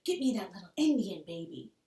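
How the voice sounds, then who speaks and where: Woman reading as an excitable little pioneer girl, high and begging, heard from a distance in a roomy space. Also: a little fast, lightly acted. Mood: pleading. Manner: high, eager, begging then sobbing.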